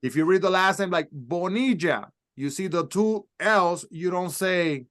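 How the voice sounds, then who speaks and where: A man teaching a Spanish class, slowly sounding out letters and words for his students to repeat. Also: high voice, fairly bright tone. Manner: slow, carefully sounds out letters and words for repetition. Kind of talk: classroom language lesson.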